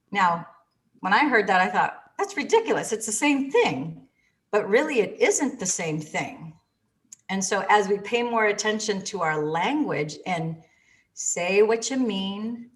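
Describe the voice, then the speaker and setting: A woman hosting a casual group discussion about relationships, telling stories in an animated way and acting out quoted lines. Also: mid-range voice. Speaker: discussion host.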